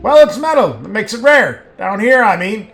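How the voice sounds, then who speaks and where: A man voicing a loud, soot-covered male foundry worker who shouts every line. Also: sits high, animated, moderate pace, faint music behind, pitched above the performer's own voice. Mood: shouting. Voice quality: shouting over noise.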